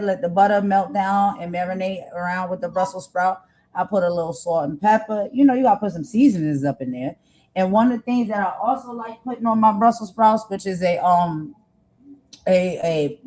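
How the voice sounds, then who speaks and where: A woman's voice: fairly low pitch, darkish tone. A woman hosting a live cooking stream in a casual, chatty way, reading viewer comments aloud and rambling with filler phrases. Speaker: cooking channel host.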